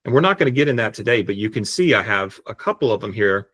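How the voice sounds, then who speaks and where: A man explaining step by step how to set up an AI voice agent, speaking on a video call in a relaxed, explanatory way. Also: fairly low pitch, quick pace, husky. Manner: relaxed, explanatory, frequent restarts. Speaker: tutorial presenter. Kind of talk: screen-share software tutorial.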